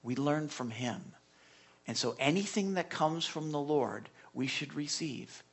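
A man preaching a conversational sermon as pastor, stumbling over repeated words and swinging between hushed whispers and loud bursts. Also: a little high, lively intonation, measured pace, creaky, slightly rough.

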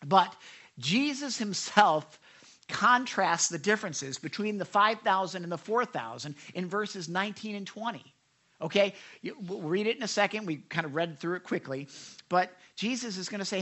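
A man's voice: high voice, lively intonation, moderate pace, sharp tone. A man preaching a sermon, talking conversationally, asking the congregation questions and acting out quoted voices. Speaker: pastor.

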